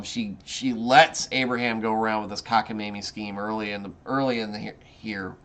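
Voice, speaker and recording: A man hosting a casual Bible study, reading scripture aloud and then commenting informally, often restarting his sentences. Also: lowish voice.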